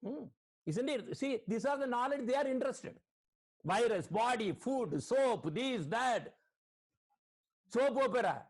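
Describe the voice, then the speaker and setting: A man's voice: extremely high pitch, expressive, a little slow, long pauses, husky. A man, a spiritual teacher, giving an online sermon over a video call, quoting Sanskrit verses and questioning his listeners.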